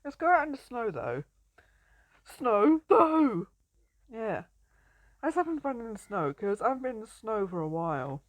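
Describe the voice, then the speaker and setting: A young woman gives casual, playful let's-play commentary on a survival game, laughing a lot and greeting the animals she meets. Her voice is a little high, very animated, and fast, with no room sound.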